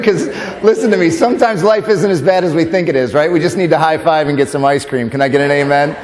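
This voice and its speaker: A man giving a conference keynote as a comedian and motivational speaker. He moves between tender storytelling and animated comic bits. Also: on the high side. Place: conference hall. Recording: long hall reverb.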